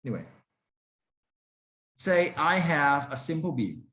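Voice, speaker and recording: A man's voice: on the high side, big pitch swings, takes it slowly, fairly bright tone. A man lecturing a class, often stopping to put questions to the students and repeating key points for emphasis.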